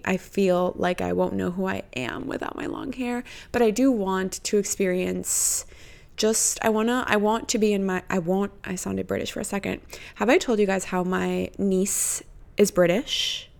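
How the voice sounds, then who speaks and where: A woman's voice: mid-range voice, fairly even intonation, moderate pace, vocal fry, a little mellow. A woman in her twenties hosting a podcast, chatting casually in a rambling, freewheeling way and swearing freely. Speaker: podcast host. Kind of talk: casual chat.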